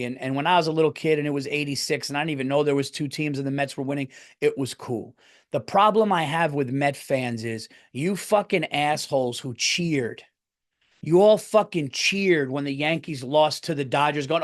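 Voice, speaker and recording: A middle-aged man hosting his podcast in a casual, rambling way, getting heated and swearing as he rants. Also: fairly high pitch. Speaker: podcast host. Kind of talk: casual comedic rant.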